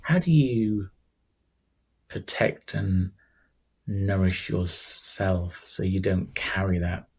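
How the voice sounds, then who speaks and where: A man hosting a podcast interview, talking in a halting way with restarts and repeated words. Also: low-pitched, a little mellow, slightly rough. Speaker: podcast host.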